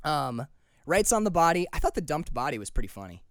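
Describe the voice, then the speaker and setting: A man co-hosting a casual movie podcast, swearing, laughing and acting out lines in loud voices. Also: on the high side, sing-song, fairly quick, no echo, studio quality. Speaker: podcast co-host.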